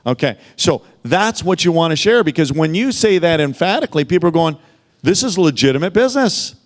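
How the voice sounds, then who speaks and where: A man's voice: on the high side, expressive, fairly quick. A man giving a motivational sales training, emphatic and full of rhetorical questions, speaking into a handheld microphone. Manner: emphatic, peppered with rhetorical "okay?" and "right?".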